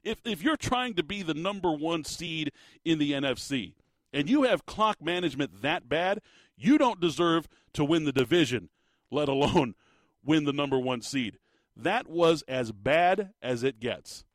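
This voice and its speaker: Exasperated sports talk host, dry close mic. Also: male voice, on the high side, expressive, measured pace, no echo. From Arizona. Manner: exasperated, emphatic, repeats words. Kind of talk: animated sports commentary rant.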